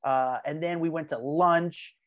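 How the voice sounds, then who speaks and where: A man's voice: fairly high pitch, a little slow. A man, a podcast guest, telling a long story with energy and acting out the quotes. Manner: animated storyteller, acts out quoted lines. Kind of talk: casual podcast chat.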